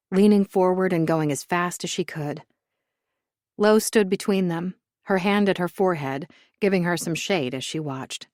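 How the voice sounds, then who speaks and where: A woman narrating a first-person story in an even, measured storytelling voice. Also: on the low side, dry recording, studio quality. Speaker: audiobook narrator.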